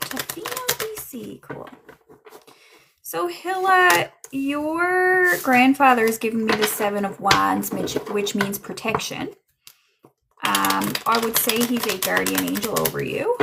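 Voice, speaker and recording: A woman doing a casual livestream tarot reading, chatting to viewers and dropping into soft muttered asides. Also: on the high side, big pitch swings, a little slow, vocal fry, heavy background noise. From Newfoundland, Canada. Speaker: tarot reader and medium.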